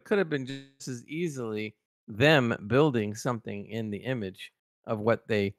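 A man's voice: medium pitch, moderate pace, dry recording, studio quality. A man co-hosting a podcast, chatting enthusiastically in a casual TV review and laughing often. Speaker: podcast co-host.

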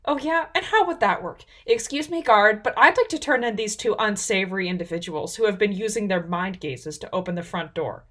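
A woman voicing a young dragon in human form, sharp and sarcastic. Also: on the high side, very animated, brisk, pitched above the performer's own voice. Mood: defiant. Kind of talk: storybook character voice.

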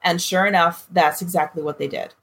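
Expressive woman telling her story. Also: on the low side, fairly quick. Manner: expressive, acts out quoted voices. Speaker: interviewee. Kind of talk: recounting a personal story.

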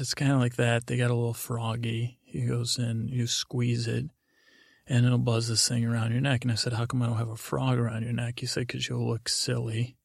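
A man hosting a podcast, telling a meandering story in a halting way, with frequent restarts and fillers. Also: medium pitch, creaky, slightly rough, no room sound, clean studio sound. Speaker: podcast host. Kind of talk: rambling storytelling monologue.

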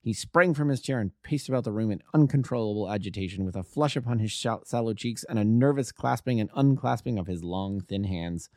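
A man narrating a classic detective story aloud as an amateur audiobook reader, with a steady, even delivery. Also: fairly low pitch, brisk, few pauses, no room sound, studio quality.

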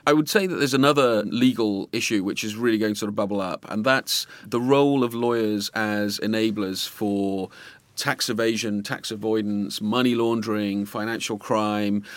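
Low-pitched male journalist, measured and deliberate, dry studio sound. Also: steady tone, no echo. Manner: measured, restarts phrases. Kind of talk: casual discussion.

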